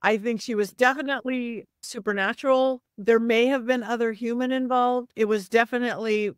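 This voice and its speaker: A middle-aged woman, a psychic medium, telling a story with lively swings in her voice and acting out the people in it. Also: moderate pace, clear, resonant tone, no echo, clean studio sound. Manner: acts out voices in quotes, lively swings of pitch. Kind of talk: animated storytelling.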